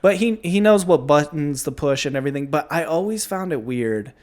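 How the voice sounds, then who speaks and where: A man's voice: fairly high pitch, expressive, fairly quick, a little mellow. A man from the United States co-hosting a podcast, talking casually with lots of swearing and easy agreement. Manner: profane, laid-back, agreeable. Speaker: podcast co-host.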